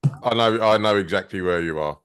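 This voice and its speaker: Guest, male, lowish voice, relaxed and dry, casual banter. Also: brisk, slight background noise. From Essex, England. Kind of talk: casual chat.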